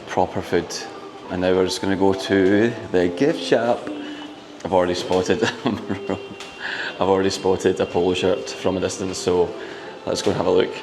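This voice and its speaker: Inside a resort, a vlogger with a low voice narrates at a measured pace. He gushes with excitement and laughs a lot throughout the casual vlog.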